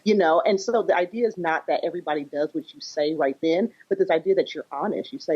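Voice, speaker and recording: A fast-talking woman with a low, husky voice, walking through parenting examples in a podcast interview. She acts out little dialogues and fills her talk with "you know" and "kinda". The audio is dull and lo-fi. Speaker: psychotherapist and parenting coach.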